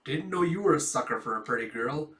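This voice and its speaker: A gruff, grumbling man talks in a streetwise way, as a man reads him out. The voice sits a little high. It echoes around the room from a distant mic. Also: animated, fast talker, fairly bright tone. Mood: cocky. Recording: roomy sound from a distant mic.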